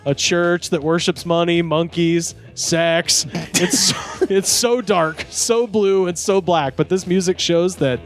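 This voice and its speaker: A man's voice: high voice, slow, hardly any pauses, faint music behind. A man hosting a comedy podcast, reading listener comments aloud and laughing between lines. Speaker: podcast host.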